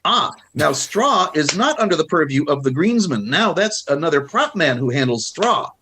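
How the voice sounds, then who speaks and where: A man's voice: a little high, moderate pace, a little hiss or hum. A man in his sixties from the United States, a guest film historian telling anecdotes in casual chat and acting out quotes. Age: 60s. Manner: animated storyteller who acts out quotes.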